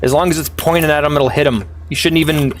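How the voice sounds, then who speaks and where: A man's voice: a little high, fairly even intonation, fast, slight background noise. A man streaming a game live, ranting in exasperation and swearing heavily, often stumbling over restarts as he talks to his viewers. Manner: exasperated profane ranting with frequent stammered restarts.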